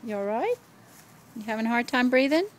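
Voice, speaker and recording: A woman's voice: on the high side, animated, brisk. An older woman, a grandmother, playfully encouraging children and laughing often, recorded outdoors on a home video camera.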